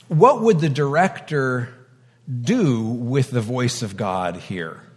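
Man, preacher, unhurried sermon delivery, dramatic pauses, light humor, swings from soft to loud. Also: on the high side, in a large hall.

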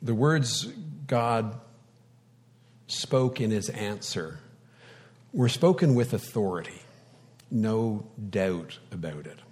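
A man preaching a sermon, deliberate and reflective, with touches of light wry humor. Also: fairly low pitch, expressive, darkish tone.

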